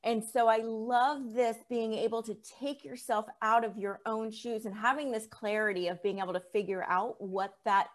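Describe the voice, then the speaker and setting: A woman's voice: a little high, fairly even intonation, moderate pace, few pauses. A woman hosting a podcast interview, asking follow-up questions and summing up her guest's points in an encouraging way. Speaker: podcast host.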